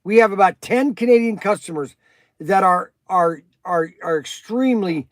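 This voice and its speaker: Older male livestream host, high-pitched, rambling chat with viewers, dry close sound. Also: normal speed, no echo. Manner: rambling, chatty, addresses viewers by name. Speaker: toy shop host answering viewers.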